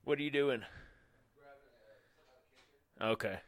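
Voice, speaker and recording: A young man co-hosting a podcast in loose casual chat, halting and full of uhs, laughing often. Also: medium pitch, a bit bright. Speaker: podcast co-host.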